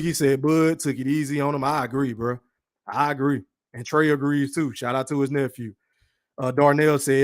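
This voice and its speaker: High-voiced, boastful streaming host man. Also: fairly bright tone. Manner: boastful, profane, hypes up viewers. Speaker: podcast host reading chat. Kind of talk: casual livestream chat.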